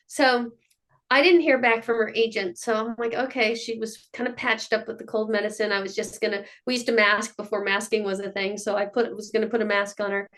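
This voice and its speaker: A woman's voice: on the high side, brisk. A middle-aged woman, a mother of child performers, telling stories in a casual interview and acting out what people said. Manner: animated storyteller who acts out quotes.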